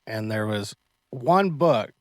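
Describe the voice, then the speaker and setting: A martial arts instructor hosting a casual podcast, telling animated stories and acting out the people in them. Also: male voice, fairly low pitch, takes it slowly, no echo. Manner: animated storyteller who acts out the people in his stories.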